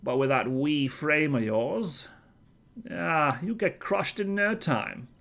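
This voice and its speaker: A man's voice: fairly high pitch, slow pace, creaky, fairly bright tone, pitched above the performer's own voice, exaggerated voice. A man voicing a friendly female robot salvager and mechanic, with a put-on Scottish accent in a chirpy, slightly raised voice.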